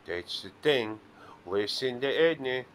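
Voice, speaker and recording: Man, playful slot-machine commentator, unhurried pace, very expressive pitch, tells absurd tall tales. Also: a little hiss or hum. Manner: rambling absurd storytelling, playful. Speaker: streamer playing slot machines. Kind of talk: casual joking commentary.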